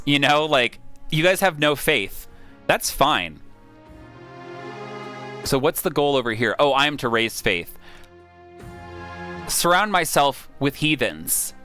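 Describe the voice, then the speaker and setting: A man streaming a strategy game, excitedly thinking aloud, reading the story out and swearing casually. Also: medium pitch. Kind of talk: live-streamed game play with narration.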